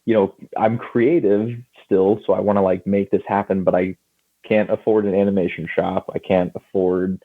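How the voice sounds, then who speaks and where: Give me a deep-voiced, husky man in his thirties chatting as a podcast guest over a tinny, phone-like line. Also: normal speed. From California. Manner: animated storyteller, laughs often. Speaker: guest comic writer and publisher. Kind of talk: casual podcast chat.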